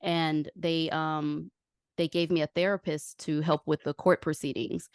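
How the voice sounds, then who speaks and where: Her low-pitched voice is smooth and measured as she hosts a podcast, candidly recounting personal stories and acting out others' words with animation. It's a dry recording with clean studio sound.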